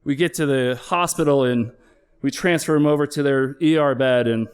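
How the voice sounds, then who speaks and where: A man's voice: medium pitch, normal speed, smooth. Earnest middle-aged man telling a story. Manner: candid and earnest, with emotional swells. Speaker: flight paramedic. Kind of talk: personal story told live on stage.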